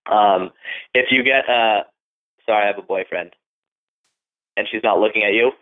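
A fairly low-voiced man gives blunt, profane dating advice in a loose, casual monologue. He keeps dropping into quick acted-out pickup lines. The sound is thin and narrow, like it comes through a phone line. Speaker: podcast host giving dating advice.

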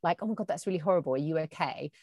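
A woman's voice: sits low, racing, mellow, no room sound. A woman from England, a TV presenter telling stories in casual chat and acting out quoted lines. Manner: chatty storyteller, acts out quoted dialogue. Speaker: TV presenter as guest.

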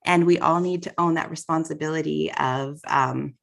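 A woman's voice: sits low, steady tone, normal speed, gravelly. A woman hosting a podcast interview, talking earnestly and effusively, with a cold. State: has a cold. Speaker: podcast host.

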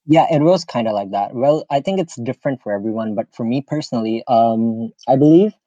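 A man's voice: mid-range voice, fairly quick, dark tone, no echo, highs cut off. A young man from Pakistan hosting a casual podcast, telling a personal story in a rambling way full of "like" and fillers. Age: young adult. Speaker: podcast host.

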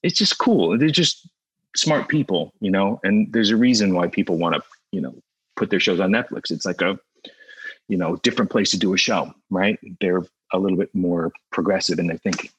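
A man telling the story of pitching his show in a casual interview, rambling with many fillers and restarts. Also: normal speed, fairly bright tone, breathy edge, poor audio.

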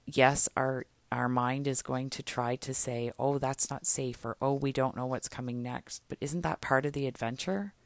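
A woman's voice: very deep voice, fairly even intonation, normal speed, few pauses, dry recording. A woman hosting a spiritual podcast, leading a guided affirmation meditation in a soothing, encouraging way. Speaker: podcast host.

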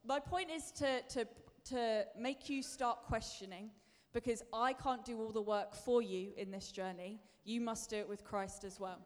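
A woman's voice: on the high side, steady tone, normal speed, hardly any pauses. A woman preacher giving a sermon in a chatty, self-deprecating way, building to emphatic bursts. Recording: long reverb of a large hall.

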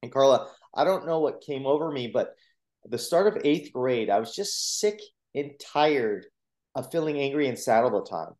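A man who coaches and gives talks recounts his own story in an interview, earnest and animated as he acts out the voices of people in it. His voice sits at an ordinary middle pitch. The recording has a roomy echo. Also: moderate pace. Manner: earnest, animated retelling with acted quotes. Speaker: motivational coach and speaker. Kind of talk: personal storytelling in a podcast interview.

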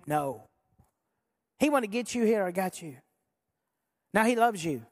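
A pastor preaching a sermon to a live congregation, talking conversationally and swinging between soft, slow stretches and loud, quick bursts, sometimes leading the crowd in repeating a line. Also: medium pitch, lively intonation. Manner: leads the congregation in repeating lines. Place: large church hall with a live congregation. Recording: long hall reverb.

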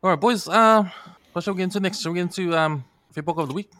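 A man's voice: high voice, fast, sharp tone. Chatty New Zealand podcast man. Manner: chatty, steers the topics, laughs often. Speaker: podcast co-host. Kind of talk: casual chat.

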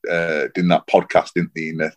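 A man, rambling and animated in casual football chat on a podcast. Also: deep voice, a little fast. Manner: rambling, animated, repeats himself. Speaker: podcast co-host.

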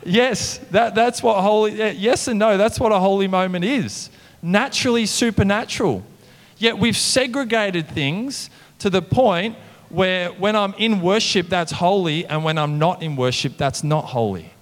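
A man preaching a casual, animated sermon, often saying "come on". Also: sits high, measured pace, big-room sound. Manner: animated, conversational preaching with mimicked voices and "come on" refrains. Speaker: pastor.

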